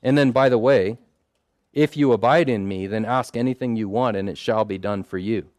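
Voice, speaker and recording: A man's voice: fairly low pitch, normal speed, darkish tone, dry recording, studio quality. A man preaching an earnest, emphatic sermon to a small group seated in a circle, often calling out for an "Amen".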